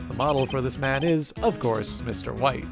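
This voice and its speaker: A man's voice: medium pitch, normal speed, creaky, lightly acted. A Canadian man voicing a pompous, wordy middle-aged male tycoon who uses grandiose made-up words. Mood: haughty. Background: game music.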